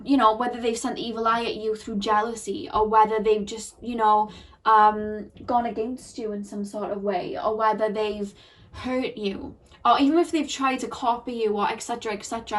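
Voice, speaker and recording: A woman's voice: a little high, recorded from a distance. A woman giving an emotional, earnest tarot reading to her viewers, repeating phrases and getting teary. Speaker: tarot card reader.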